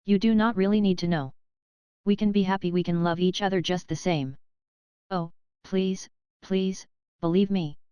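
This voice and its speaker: Brief: desperate young wife, read by a woman, frantic broken pleading, very clear and dry. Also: medium pitch, fairly even intonation, moderate pace, warm tone, dry recording, highs cut off, close to an everyday voice.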